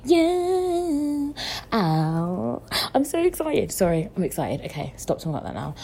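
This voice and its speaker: A young woman chatting casually to camera as a vlogger, excitable and quick to laugh and swear. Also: low-pitched, gravelly, a little hiss or hum. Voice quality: visually impaired speaker.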